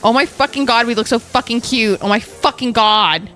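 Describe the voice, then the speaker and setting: A woman streaming a game live, excitable and giggly, swearing freely as she chats. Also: on the high side, moderate pace.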